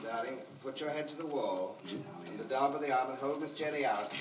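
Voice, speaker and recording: A man directing child actors on a film set, coaxing them gently and then urging them on with quick, insistent cues, recorded on an old archival soundtrack. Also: medium pitch. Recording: distant, dull, hissy archival recording.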